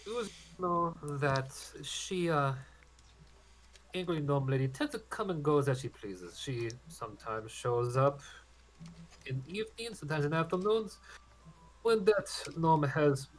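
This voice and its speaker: A man's voice: fairly high pitch, sing-song, measured pace, soft background music, low-quality recording. A man voicing a hard-drinking fish lady who runs a tavern, in a put-on accent with broken grammar, talking about herself in the third person. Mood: knowing.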